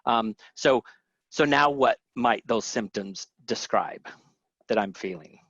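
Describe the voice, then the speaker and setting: A man teaches in a relaxed, conversational way, often restarting his sentences and asking his audience questions. The voice is close and dry, and the sound is slightly muffled, like webinar audio. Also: lowish voice, slow, no echo. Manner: conversational, many fillers and restarts. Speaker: webinar presenter.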